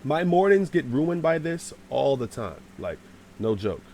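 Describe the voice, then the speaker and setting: A man telling a casual, rambling storytime to his channel, slangy, with sudden shouted bits. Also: mid-range voice, unhurried, creaky, a little hiss or hum. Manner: animated, swears, shouts out acted lines.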